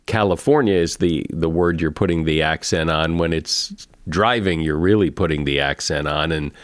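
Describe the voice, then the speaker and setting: Male interview host, very low voice, dry close sound, halting restarts. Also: no room sound. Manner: halting, restarts often while framing questions. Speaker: podcast host. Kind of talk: interview conversation.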